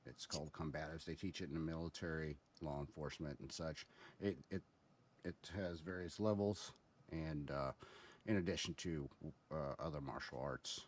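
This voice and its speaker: A man giving casual spoken commentary as a guest, halting and explanatory, with many fillers and restarts. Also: very deep voice.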